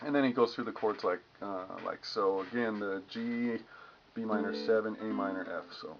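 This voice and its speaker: The guitar teacher here has a lowish voice and talks at normal speed. Over lo-fi guitar playing, he casually explains strumming patterns and hums each rhythm as he demonstrates it.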